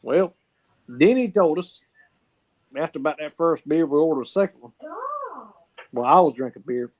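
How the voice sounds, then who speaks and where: A man's voice: a little high, lively intonation, moderate pace, a little mellow. A man from South Carolina with a Southern accent, telling folksy stories in a casual chat, repeating words as he goes.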